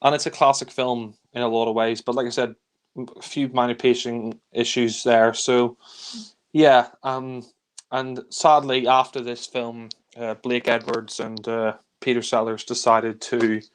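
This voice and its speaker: A man talks through a film in an easygoing, unscripted way, wandering from scene to scene. His voice sits at an average pitch and stays fairly level. He sounds like a regular on a casual review show. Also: little pitch movement, measured pace, clear, resonant tone. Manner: rambling, loose plot recap.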